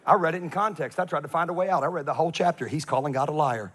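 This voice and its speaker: High husky pastor guy, jokey sermon, goes from quiet to shouting. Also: very fast. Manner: humorous preacher, swings from hushed confession to shouted scripture.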